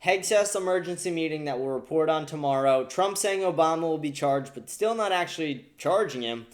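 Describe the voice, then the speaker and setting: A man's voice: a little high, animated, brisk. A man hosting a podcast, ranting profanely and indignantly about the news. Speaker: podcast host. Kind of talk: casual political commentary.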